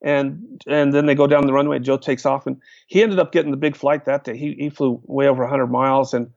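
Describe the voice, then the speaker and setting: A man with a gravelly, creaky voice telling casual stories at length, rambling and restarting as he goes. The recording is dry and close but dull and lo-fi. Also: medium pitch, steady tone, brisk, darkish tone, no room sound. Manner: rambling, with many restarts and fillers. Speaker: guest pilot telling stories. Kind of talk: casual storytelling. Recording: dull, lo-fi sound.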